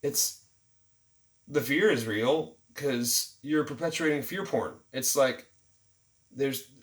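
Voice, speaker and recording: A man rants about the news in a mocking, irritated tone and keeps throwing in jokey asides. His voice sits at an ordinary middle pitch. The sound is roomy, and he is set back from the mic. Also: slow pace, recorded from a distance. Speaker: vlogger. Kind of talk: sarcastic news commentary rant.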